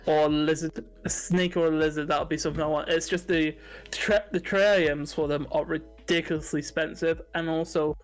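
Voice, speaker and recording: A man's voice: a little high, steady tone, a little fast, faint music behind. A young man, co-hosting a casual livestream podcast, chatty, giggly and open about his feelings. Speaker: podcast co-host.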